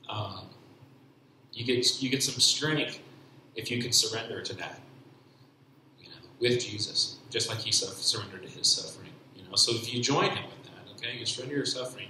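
A man giving a personal faith testimony at church, speaking haltingly with many restarts and repeated fillers. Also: medium pitch, sharp tone, a little hiss or hum. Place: church hall. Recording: very echoey church hall.

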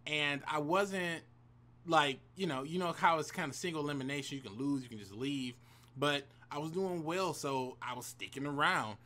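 In this casual vlog, a man with a slightly high, bright and forceful voice shares a story from his life at an ordinary pace. The talk is profane and full of slang, with hype-man remarks aimed at viewers.

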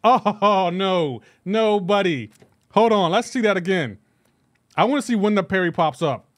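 Animated, high-voiced man streaming a game. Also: measured pace, dry recording, studio quality. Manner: animated, incredulous, laughs often. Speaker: gaming livestreamer. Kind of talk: live gameplay commentary with chat.

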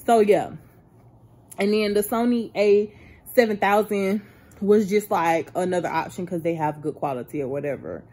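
A woman's voice: medium pitch, normal speed, dark tone. A woman in her twenties from Florida, chatting casually and rambling to her viewers in a vlog recorded on a phone. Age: 20s. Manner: chatty, rambling, laughing often. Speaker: vlogger. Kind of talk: casual chat to camera.

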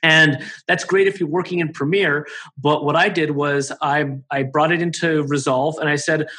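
A man's voice: a little high, steady tone, moderate pace, bright, forceful tone. A man guesting on a podcast, chatting loosely and telling work stories with lots of fillers. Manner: chatty storyteller, many fillers. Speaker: guest, assistant editor. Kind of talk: casual podcast conversation.

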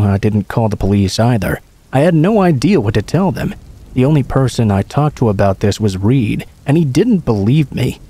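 A man narrating true horror stories in a steady, casual first-person telling. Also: medium pitch. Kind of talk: reading true scary stories aloud.

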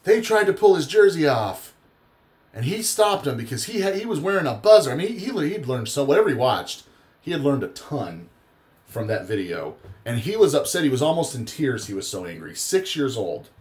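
A tired man hosting a live card-break stream, chatting casually and rambling into long personal stories. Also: a little high. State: tired after a long day.

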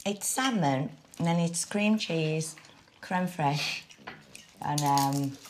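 A woman's voice: low-pitched, takes it slowly, slight background noise. A woman hosting a dinner party, explaining her dishes in casual talk.

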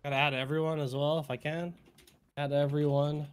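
A man's voice: on the high side, level tone, fairly quick, clear, resonant tone. A man in a team voice chat, talking in a casual, offhand way while playing. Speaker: player. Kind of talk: gaming voice chat.

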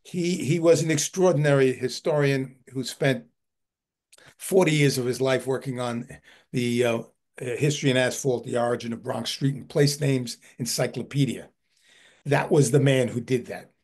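A man who heads a historical society gives a video-call book talk. He tells an animated anecdote and often repeats his words. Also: medium pitch, normal speed. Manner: animated, repeats words while telling a story.

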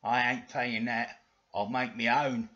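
A man's voice: medium pitch, fairly even intonation, takes it slowly, sharp tone. A man voicing a cocky, scheming male cartoon dog with a brash, swearing manner, on a dull lo-fi recording. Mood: cheeky.

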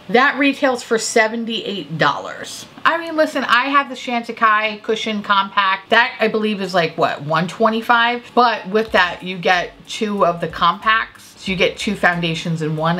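A woman's voice: mid-range voice, normal speed, few pauses. A woman vlogger reviewing makeup releases in a profane, exasperated rant. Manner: exasperated, profane, animated ranting. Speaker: beauty vlogger. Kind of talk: profane ranting commentary on product prices.

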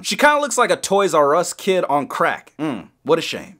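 A young man doing a playful roast while reacting to a music video, with sudden squeaky high outbursts. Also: huge pitch swings, normal speed, fairly bright tone. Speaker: comedy reaction youtuber. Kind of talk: joking reaction commentary.

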